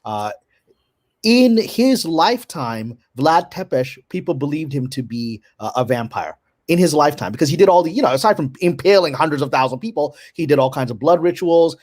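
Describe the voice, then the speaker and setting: 一位男性编剧作为嘉宾，在网络直播中轻松闲聊，讲话很快，爱讲故事，常用"right?"征求认同。. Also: male voice, fairly high pitch, lively intonation, a little mellow. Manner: quick, chatty storyteller who asks "right?". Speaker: guest screenwriter. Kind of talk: casual chat on a livestream.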